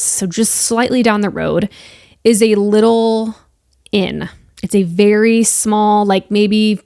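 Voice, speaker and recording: A young woman in a chatty podcast, telling a story with breathless energy and a steady stream of "like"s. Her voice sits at an ordinary middle pitch. It is recorded dry and close, with no room sound. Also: dry recording. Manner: animated, breathless retelling with frequent "like" fillers. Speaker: podcast host. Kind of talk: casual storytelling.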